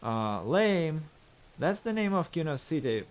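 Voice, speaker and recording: A man's voice: on the high side, very animated, unhurried, a little hiss or hum, voice pushed up. A man voicing a foul-mouthed, aggressive young street boy who talks about himself in the third person. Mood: defiant.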